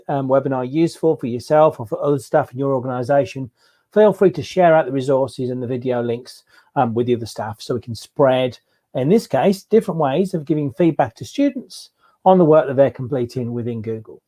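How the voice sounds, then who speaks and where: A man hosts an online education webinar from his computer. His voice is a little high but mellow and soft-edged, and he talks in a loose, relaxed way with the odd filler. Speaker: webinar host.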